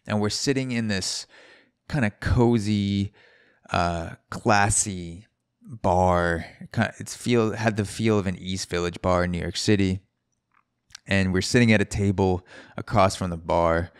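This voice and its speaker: A man with a very low voice hosts a solo podcast, rambling through a story, restarting his sentences and swearing freely. His voice sounds close and dry, with no room echo. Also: clear, resonant tone. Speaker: podcast host. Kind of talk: casual solo podcast monologue.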